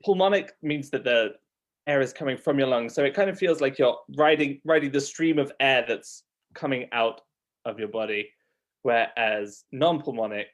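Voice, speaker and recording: A man's voice: mid-range voice, moderate pace. A man with a Received Pronunciation accent, a guest on a live accent Q&A, explaining in a thoughtful, hesitant way. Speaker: guest coach. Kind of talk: live Q&A session.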